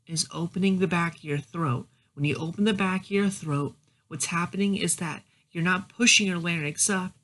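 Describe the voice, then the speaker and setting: A woman's voice: lowish voice, fairly bright tone, poor audio. A woman talks through a voice training tutorial, recorded on a phone. She explains in plain instructional terms and breaks off to demonstrate different resonance placements. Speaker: voice training guide.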